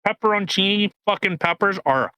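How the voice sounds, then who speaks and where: A man co-hosting a podcast in casual chat, ranting in an animated, profane way. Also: high-pitched, brisk, clean tone, dry recording. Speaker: podcast co-host.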